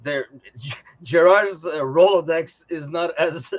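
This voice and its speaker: A man co-hosting a podcast, chatting casually about football in a rambling, animated way and laughing often. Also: a little high, slow pace, dull audio. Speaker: podcast co-host.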